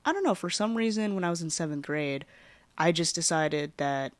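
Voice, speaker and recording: A woman hosts her own podcast, rambling casually through a personal story with plenty of fillers and lively swings in her voice. She speaks low at a normal speed, with no echo.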